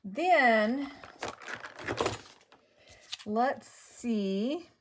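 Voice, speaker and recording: Woman craft host, relaxed self-talk, slow pace, noisy recording. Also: on the high side. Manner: talks to herself while working, trailing off and muttering. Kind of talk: casual crafting commentary.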